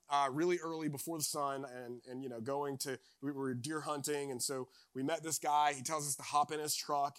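A man's voice: mid-range voice, fairly bright tone, no room sound, clean studio sound. A young adult man from eastern North Carolina preaching a sermon, moving from earnest exhortation to a chatty, self-mocking personal story. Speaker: pastor.

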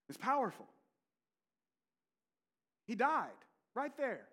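High-voiced preaching man. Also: huge pitch swings, measured pace, long pauses, husky. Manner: earnest preaching, rising to emphatic peaks and dropping to quiet intensity; conversational asides with rhetorical questions. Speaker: pastor. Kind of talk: sermon.

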